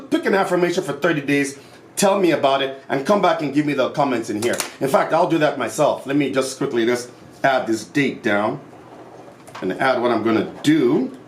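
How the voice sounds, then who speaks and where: A man vlogging about self-improvement in a casual monologue, passionate and animated, acting out quotes as he tells stories. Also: mid-range voice, roomy sound, slight background noise.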